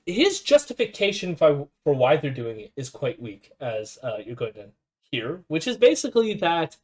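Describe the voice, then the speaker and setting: A man hosting a casual political commentary stream, sarcastic and quick to laugh. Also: mid-range voice. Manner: sarcastic, laughs often, mocks quoted voices. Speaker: streamer host.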